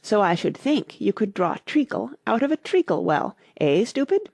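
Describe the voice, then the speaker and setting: A woman's voice: mid-range voice, sing-song, moderate pace, vocal fry, a little mellow, no room sound, pitched above the performer's own voice. Brief: needling, triumphant male hatter, read by a woman, dry close sound. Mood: smug.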